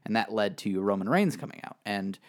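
A man's voice: fairly low pitch, lively intonation, brisk. A man co-hosting a podcast, talking casually and rambling with many fillers and restarts. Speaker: podcast co-host.

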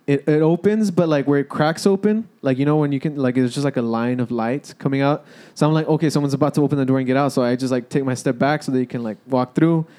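A man's voice: on the high side, mellow. A young man telling a story to friends in a casual, rambling way, cursing and restarting often.

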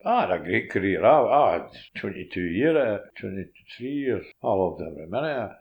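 An older Scottish man with a fairly low voice spins lively anecdotes in a relaxed interview. He acts out the old exchanges and laughs as he goes. He talks like a former footballer looking back on his career. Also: moderate pace, highs cut off. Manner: animated anecdotes, laughs while telling, drops into quoted dialogue. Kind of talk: casual interview storytelling.

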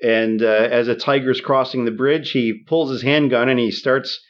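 Halting, animated man recapping a film. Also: medium pitch, lo-fi sound. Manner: halting, many restarts and fillers, animated retelling. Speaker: podcast co-host. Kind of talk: casual movie discussion.

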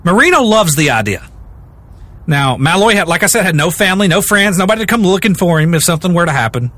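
Lively, bright-voiced true crime storyteller man. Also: high voice, fast. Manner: animated, rambling, jokey, with many restarts. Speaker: podcast co-host telling a true crime story. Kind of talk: casual storytelling chat.

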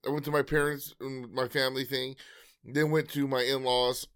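A man's voice: mid-range voice, little pitch movement, moderate pace, a bit bright, clear, resonant tone, dry recording. Laid-back guy on a podcast, bit of a cough, wry, dry close sound. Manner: easygoing, wry, swears casually. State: slight cough. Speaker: podcast co-host. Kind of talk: casual podcast chat.

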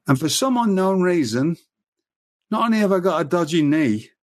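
A man's voice: high-pitched, animated, moderate pace. An older man with an English accent, chatting casually and telling anecdotes, laughing at his own jokes. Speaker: podcast guest storyteller.

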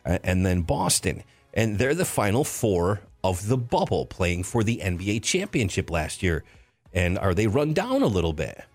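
A man hosting a casual sports talk show, animated, with sudden jumps in pitch and rapid asides.

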